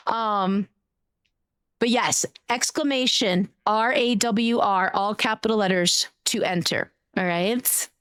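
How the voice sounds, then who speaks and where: A young woman streaming a game, chatting in a bubbly, excitable, giggly way. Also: on the high side, no room sound, clean studio sound. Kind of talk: casual live-stream chat.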